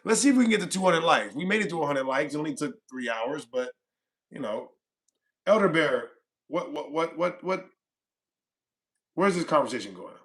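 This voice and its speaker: A man hosting a live stream, teasing and arguing with a caller in rapid questions. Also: a little high, expressive, fairly bright tone. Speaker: stream host. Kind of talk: casual live-stream debate.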